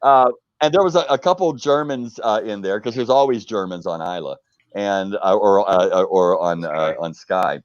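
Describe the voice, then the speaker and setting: A middle-aged man from the United States, a guest on a live video chat, telling stories in a casual, animated way and acting out the quotes. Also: fairly low pitch, normal speed, no echo, dull audio. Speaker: interview guest. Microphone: video call.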